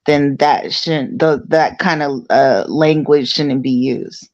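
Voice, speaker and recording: A woman's voice: very deep voice, slow, darkish tone, muffled recording. A woman on a podcast asking careful, clarifying questions in casual chat.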